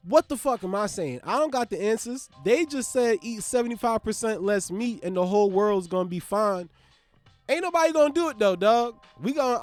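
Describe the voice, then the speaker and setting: Loose and foul-mouthed, the young podcast host riffs his way through a comedic monologue. His loudness and pitch lurch up and down in sudden, dramatic swings.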